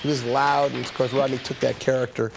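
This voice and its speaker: A man in an interview recalling a film production in a relaxed, conversational way. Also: medium pitch, a little fast, creaky. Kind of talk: interview recollection. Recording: loud background noise.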